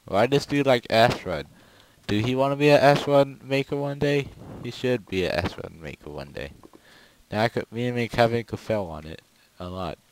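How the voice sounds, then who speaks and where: A man giving casual, rambling gameplay commentary with goofy, excitable outbursts. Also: medium pitch, normal speed, low-quality recording. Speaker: gaming video creator.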